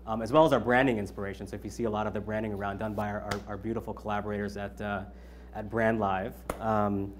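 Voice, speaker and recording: A man's voice: on the low side, a little hiss or hum. A man in his thirties giving an opening keynote at his own event, conversational, with many ums and you-knows. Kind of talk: conference keynote speech.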